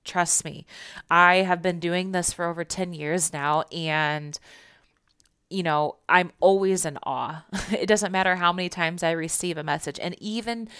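Low, smooth-voiced woman sharing spiritual stories. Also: measured pace, a bit bright, no room sound, studio quality. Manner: conversational, earnest, reassuring. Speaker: spiritual teacher. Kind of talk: personal storytelling and spiritual guidance.

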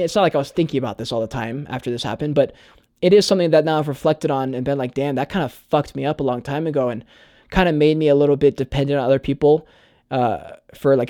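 A man's voice: medium pitch, a little mellow, dry recording, studio quality. A young man talking in a casual vlog monologue, earnest and full of "like" and swearing. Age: young adult. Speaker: YouTuber.

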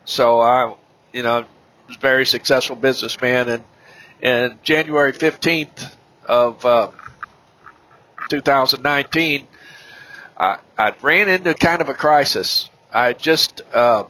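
A middle-aged man with a bright, forward voice tells a personal testimony as a podcast guest. His delivery is halting, full of fillers and restarts, at an everyday pitch for a man. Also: low-quality recording.

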